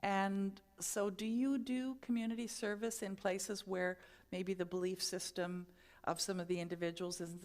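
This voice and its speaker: A woman minister, giving a sermon in a gentle, conversational storytelling way. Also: on the low side.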